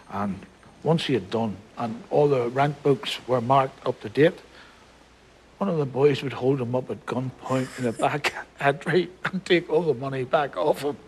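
An actor playing an older grandfather from Belfast, telling stories with dry humour and gentle warmth. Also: mid-range voice, slight background noise, close to an everyday voice. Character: wry, warm-hearted old Belfast grandfather.

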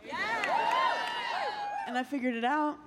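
A woman's voice: high-pitched, steady tone, unhurried. A young woman doing a stand-up comedy set, brash and playful, laughing through her punchlines. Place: comedy stage before a live audience. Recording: loud live crowd and noise.

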